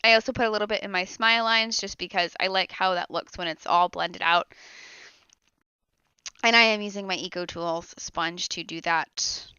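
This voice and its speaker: A woman's voice: mid-range voice, steady tone, normal speed, bright, forceful tone, smooth, no echo, highs cut off. A young woman doing a casual makeup tutorial voiceover while sick. She sounds a little nasal and rambles with fillers and giggles. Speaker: beauty vlogger. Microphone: close voiceover mic.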